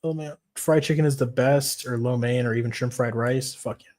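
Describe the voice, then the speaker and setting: Brief: male streamer, casual, profane, excitable. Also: medium pitch, moderate pace. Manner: profane, excitable, reads chat aloud. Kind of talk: casual livestream chat.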